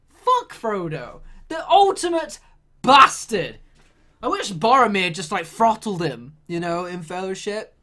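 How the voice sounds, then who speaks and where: Woman, comedic rant, sweary, exasperated, bright, tense voice, swooping pitch. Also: animated, unhurried.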